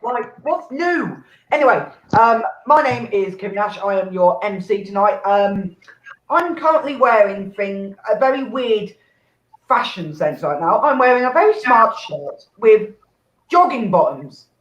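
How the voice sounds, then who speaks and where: A man's voice: sits high, sing-song, unhurried, fairly bright tone. Man, comedy host, casual banter, swears a lot, roomy dull recording. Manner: sweary, self-mocking and chatty. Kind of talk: casual live-stream banter. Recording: roomy dull home mic with faint noise.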